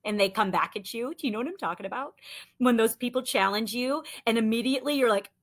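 A woman in her thirties coaching listeners on sales, telling a story in an animated, chatty way full of "like". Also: fairly high pitch, quick pace. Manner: animated, chatty, lots of "like" and acted-out quotes. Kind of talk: motivational storytelling talk.

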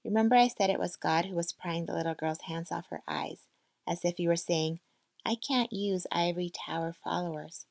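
Audiobook-style: a woman voicing a steady, earnest female mentor, low and a bit gravelly. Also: moderate pace, no echo, clean studio sound. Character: calm, steady female mentor, speaking from hard experience.

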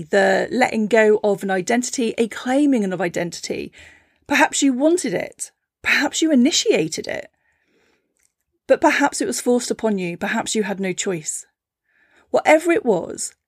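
A woman hosting a reflective teaching talk, gentle and encouraging, with a playful storytelling manner. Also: mid-range voice, dry recording, clean studio sound. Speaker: podcast host and spiritual teacher.

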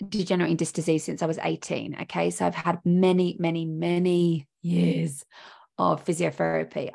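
Candid chatty woman with a gravelly edge. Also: on the low side. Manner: chatty, candid, emphatic repetition. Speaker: podcast host. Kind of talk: personal storytelling monologue.

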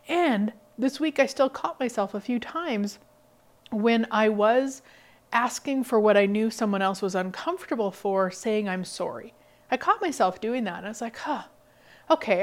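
A woman hosting a podcast, giving an energetic, emphatic motivational talk. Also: fairly high pitch. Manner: energetic, emphatic, laughs often. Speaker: podcast host.

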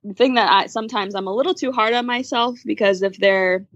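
A woman guest on a podcast, talking earnestly and chattily about her small business, with soft laughs along the way. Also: on the high side, a little fast, no room sound. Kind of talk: casual interview chat. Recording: dull, dry remote call audio.

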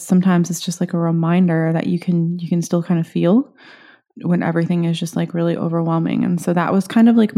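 A woman hosting a podcast, candidly telling a personal story in a halting, unscripted way with many fillers. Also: fairly low pitch, creaky, a little mellow. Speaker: podcast host.

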